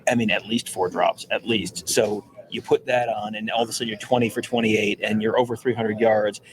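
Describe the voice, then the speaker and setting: A man co-hosting a sports podcast, talking quietly and working through his points in a casual, rambling way from a stadium press room. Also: fairly low pitch, steady tone, fairly quick, a crowd in the background, low-quality recording. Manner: quiet, rambling analysis with restarts. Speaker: podcast co-host.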